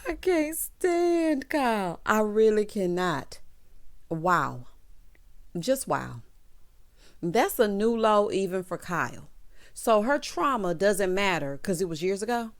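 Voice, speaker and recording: A woman giving a heated, sassy recap of a reality show episode, scolding the cast directly as she talks. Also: mid-range voice. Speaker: reality TV commentator. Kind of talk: ranting recap commentary.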